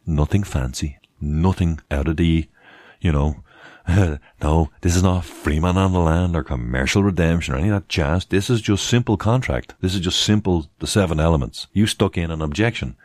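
Man, extremely low voice, dry close sound, emphatic, repeats himself, mocking asides. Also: normal speed, a little mellow, no echo. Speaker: presenter giving legal advice. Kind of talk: casual instructional monologue.

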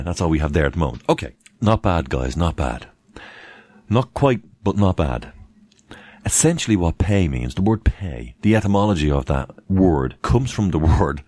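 His voice is extremely low and darkish in tone, recorded without any echo. He's hosting a live stream, talking casually while reading chat, tossing out rhetorical questions and thanking viewers by name.

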